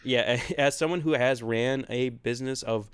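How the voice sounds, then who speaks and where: A man's voice: medium pitch, normal speed, over a noisy crowd. A man co-hosting a podcast in casual chat, rambling a bit, laughing often and swearing loosely. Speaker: podcast co-host. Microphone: own separate recording.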